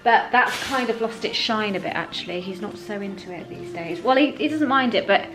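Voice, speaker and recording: A young woman, chatting casually to camera in a vlog about family life, laughing often and talking softly to her son. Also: medium pitch, expressive, fairly quick, music in the background. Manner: chatty and self-deprecating, often laughing, with soft baby talk to her son. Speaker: vlogger. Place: home and outdoors in town.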